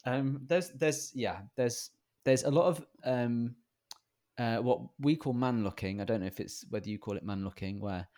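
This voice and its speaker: A man's voice: medium pitch, moderate pace, darkish tone. A man co-hosting a podcast, chatting casually in a wry, playful way and laughing often. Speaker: podcast co-host. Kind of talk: casual chat.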